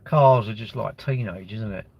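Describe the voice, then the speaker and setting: A man's voice: fairly low pitch, normal speed, breathy edge, muffled recording. A man, chatting on a live stream in a rambling, blunt way, with crude banter and answers to viewers' comments. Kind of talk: casual live-stream chat.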